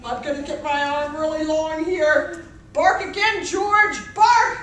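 A patient, gentle storybook vet, read by a woman, coaxing a dog to bark. The delivery is slow and unhurried. It sounds roomy and a little distant. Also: sits high, steady tone.

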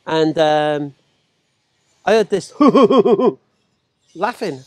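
A man, telling stories as a podcast guest, animated and laughing as he acts out other voices. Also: a little high, drawn-out words, no room sound. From England. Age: 40s. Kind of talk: casual storytelling chat.

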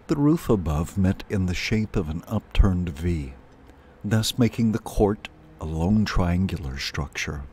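A man reading a children's novel aloud in a slow, measured way, as a storyteller. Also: low-pitched, animated, darkish tone, a little hiss or hum.

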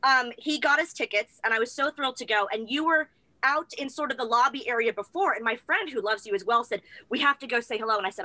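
A woman's voice: fairly high pitch, quick pace, bright, forceful tone, dry recording. An American woman co-hosting, gushing as a flustered fan over a video call. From United States. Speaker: co-host. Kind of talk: excited casual chat.

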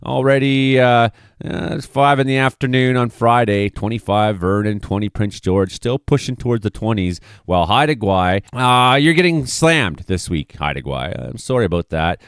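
A man talks through the weather maps in a loose, rambling way, throwing in sarcastic jabs and swear words as he goes. His voice is smooth and resonant. The sound is close and dry, with no room echo. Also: mid-range voice. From British Columbia, Canada. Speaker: amateur weather forecaster. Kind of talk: casual forecast commentary over weather maps.

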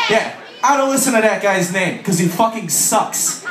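A high-voiced man rants and jokes at a live festival crowd, swearing freely and slipping into mock voices. The sound rings around a roomy venue, and the mic catches him from a little way off over faint crowd noise. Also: animated, moderate pace. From Chicago area. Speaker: author speaking at a music festival. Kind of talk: profane comic stage talk to a crowd. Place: festival stage at a bar venue. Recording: echoey live venue, mic heard from a distance.

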